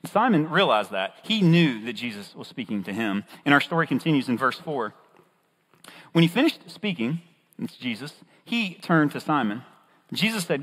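A man preaching a sermon with playful storytelling and a husky voice. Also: medium pitch, very animated, normal speed, a bit bright. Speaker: pastor. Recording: long reverb of a large hall.

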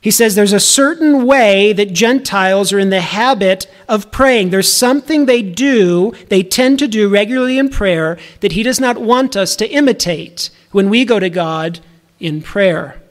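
A man's voice: high voice, a little slow. A man in his thirties preaching a conversational, earnest sermon to his congregation. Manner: earnest, conversational, repeats words when restarting. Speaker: pastor.

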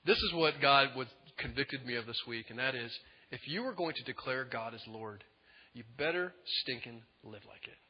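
A male pastor preaching a sermon in an animated way, acting out quotes in different voices. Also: mid-range voice, moderate pace. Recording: echoey hall, dull lo-fi sound.

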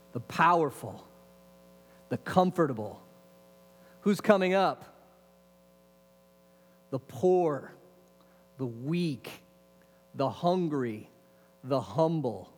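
A man preaching in a church sanctuary, his fairly high voice ringing out with a long hall reverb. He fires rhetorical questions at the congregation and drops into casual, chatty asides. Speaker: pastor. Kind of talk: sermon.

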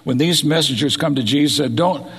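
Gravelly middle-aged preacher in a reverberant hall. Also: male voice, on the high side, a little fast. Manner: animated preaching, dramatic retelling of scripture. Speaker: pastor. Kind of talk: sermon. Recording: long reverb of a large hall.

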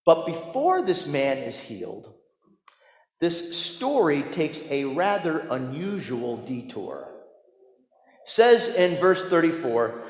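A man's voice: a little high, big pitch swings, takes it slowly. A man preaching a sermon as a pastor, telling the story with animation and asking the congregation rhetorical questions. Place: church sanctuary. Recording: echoey church hall with long reverb.

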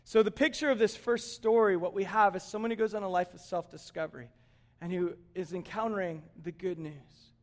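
A man's voice: high-pitched, brisk. A man preaching a sermon, acting out the characters he quotes and joking with the congregation. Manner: animated, acts out quoted characters, jokes with the congregation. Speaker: pastor.

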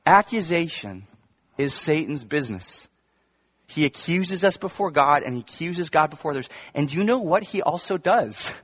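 A man's voice: on the high side, lively intonation, normal speed, fairly bright tone, husky. A male pastor preaching a sermon to his congregation in a conversational way, with humorous asides and emphatic bursts. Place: church before a congregation.

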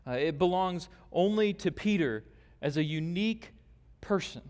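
A man preaching a sermon as pastor, deliberate and emphatic, with long pauses. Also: high voice, lively intonation, darkish tone, clean tone. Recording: long hall reverb.

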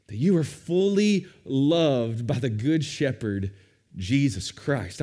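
A man preaching a sermon as pastor, with expressive rises and drops for emphasis. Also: fairly high pitch.

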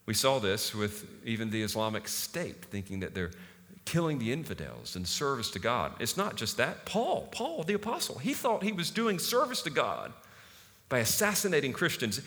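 A pastor preaches to his congregation in a loose, conversational style, full of "like" and restarts. His voice is bright and swings widely in pitch. The sound carries a long hall reverb. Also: very animated, normal speed. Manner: casual, conversational preaching with many fillers. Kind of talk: sermon. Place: church hall.

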